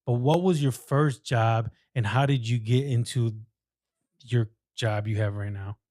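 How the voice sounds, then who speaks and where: A man's voice: medium pitch, a little slow, darkish tone, dry recording, studio quality. A man hosting a casual interview, asking questions with short eager prompts and backchannels. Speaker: host.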